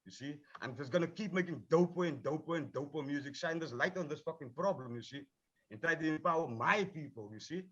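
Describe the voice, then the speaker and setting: A man's voice: on the high side, fairly quick, breathy edge, dull audio. Fired-up man, profane. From South Africa. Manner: passionate, profane, repeats himself. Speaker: rapper, film subject. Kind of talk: heated panel discussion.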